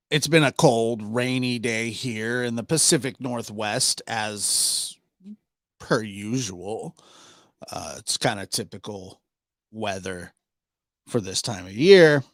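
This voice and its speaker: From a home studio in the Pacific Northwest, a man hosts a casual live stream chat in a relaxed, chatty way. He greets viewers and reads out their names and where they are tuning in from. His voice is fairly low, and the studio-quality recording has no echo.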